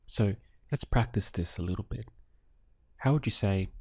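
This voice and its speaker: A man teaching beginner Spanish, modeling phrases slowly and deliberately in a scripted lesson. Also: on the low side, darkish tone, slightly rough, no echo. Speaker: language teacher.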